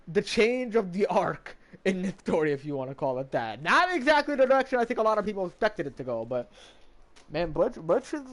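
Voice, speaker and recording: Male streamer, high and animated, chatty and rambling, casual swearing. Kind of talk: casual game story recap.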